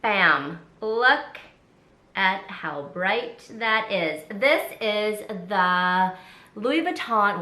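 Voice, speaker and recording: A woman vlogger with a head cold, congested and a little raspy, chatting excitedly through an unboxing. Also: mid-range voice, drawn-out words. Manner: chatty and excited, many fillers. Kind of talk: casual unboxing chat. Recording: echoey room.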